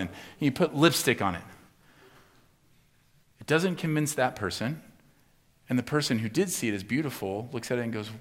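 A man preaching a sermon as pastor, acting out the voices of the people he quotes and swinging from loud to hushed. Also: medium pitch, moderate pace, pauses often.

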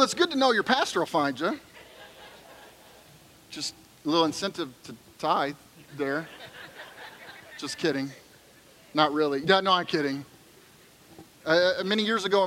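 Bright-voiced preacher, earnest and conversational. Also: male voice, on the high side, low-quality recording. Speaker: pastor. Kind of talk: sermon.

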